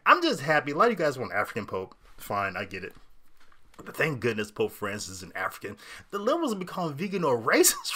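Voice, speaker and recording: Lively, bright-voiced man ranting. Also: on the high side, fairly quick. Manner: animated, laughing, mocking impressions. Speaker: podcast host. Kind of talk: unscripted commentary.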